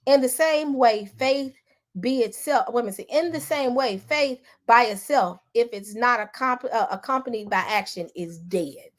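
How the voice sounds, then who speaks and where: A woman's voice: on the high side, normal speed. A woman vlogger giving casual commentary to her viewers, talking emphatically and repeating herself with many restarts. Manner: emphatic and repetitive, with frequent restarts; addresses the viewers directly.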